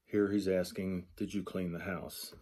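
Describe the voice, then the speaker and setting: A man's voice: sits low, little pitch movement, measured pace, mellow, slightly rough. A man giving a lecture, working through a textbook page by page, thinking aloud and repeating example phrases. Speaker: sign language instructor.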